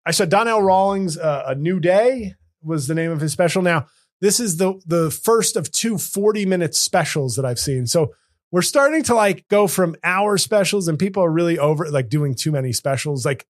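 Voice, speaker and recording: A man's voice: high voice, animated, normal speed. A man hosting a comedy podcast, talking casually in rambling, self-interrupting runs with joking asides. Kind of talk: casual chat.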